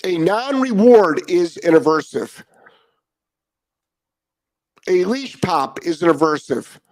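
A middle-aged man hosting a live dog training show, ranting with profanity and repetition, then chatting more calmly with viewers. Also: high-pitched, slow. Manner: calmer chatty greeting of commenters. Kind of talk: ranting live stream monologue.

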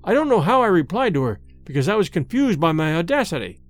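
A man narrating a first-person story in a dramatic, expressive way. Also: high voice, fast. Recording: dry close recording with faint music.

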